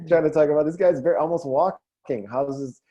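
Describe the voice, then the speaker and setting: A man co-hosting a casual podcast chat, relaxed, laughing often and swearing casually. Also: fairly high pitch, fast talker, muffled recording, a little hiss or hum. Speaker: podcast co-host.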